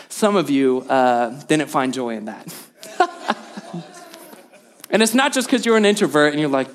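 Male pastor, bright high voice, emphatic energetic sermon in a church hall. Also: unhurried, pauses often. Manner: energetic, emphatic repetition, call and response. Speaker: lead pastor.

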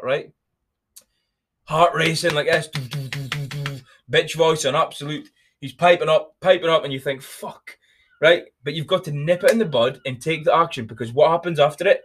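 A man's voice: on the high side, slight background noise. Blunt, sweary man. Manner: profane, energetic, blunt. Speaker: podcast host. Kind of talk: motivational podcast monologue.

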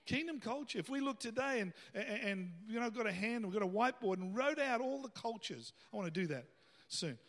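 Male pastor, high voice, casual sermon with emphatic peaks, reverberant church hall. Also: expressive, fairly quick, fairly bright tone. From Australia. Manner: conversational preaching, rising to emphatic bursts.

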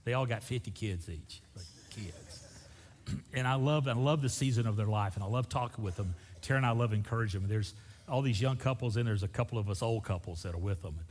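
A middle-aged man preaching a sermon as pastor, emphatic, swinging from loud bursts to soft asides. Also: lowish voice, fairly quick, a little hiss or hum. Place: church sanctuary. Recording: long church hall reverb.

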